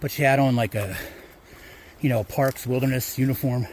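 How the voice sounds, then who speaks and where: A man's voice: mid-range voice, fairly quick, darkish tone, a little hiss or hum. A man filming a casual trail vlog outdoors, chatting in a rambling way with lots of fillers. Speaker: hiker vlogger.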